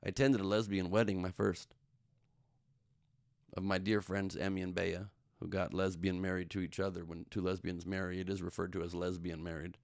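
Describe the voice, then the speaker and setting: Middle-aged guy doing a solo podcast, lowish voice, smooth and dry, jokey and rambly. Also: little pitch movement, brisk, darkish tone, dry recording. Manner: joking, rambling, self-mocking asides. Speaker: podcast host. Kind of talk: solo comedic news podcast monologue.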